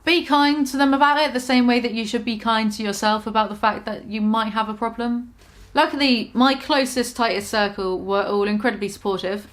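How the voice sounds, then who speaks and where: A woman's voice: on the high side, fairly quick. Brief: young British woman, casual vlogger, frank, chatty, swears freely, self-deprecating. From Britain. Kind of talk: casual confessional vlog.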